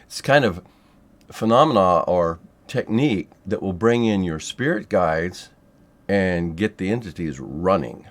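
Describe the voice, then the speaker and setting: A man teaching a spiritual technique in a loose, rambling monologue, swearing freely and filling pauses with ums and yeahs. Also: deep voice, expressive. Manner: loose and profane, rambling with many fillers. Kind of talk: casual monologue to camera.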